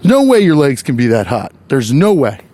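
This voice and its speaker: A podcast host walks a wooded path while ranting, animated, exasperated and profane, for comic effect. He has a mid-range voice at a moderate pace, and there's slight background noise.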